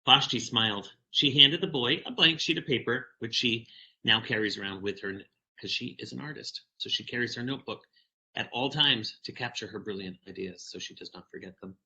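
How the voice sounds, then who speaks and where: A man giving a storytelling keynote talk, animated as he reads from a picture book to the audience. His voice is very bright and forward, at a middle pitch. The recording sounds slightly dull and lo-fi. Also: brisk. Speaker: keynote speaker.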